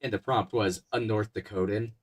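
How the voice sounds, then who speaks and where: A man chatting casually as a guest co-host, telling a story in a relaxed way with a few restarts. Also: fairly low pitch, normal speed. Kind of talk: casual chat.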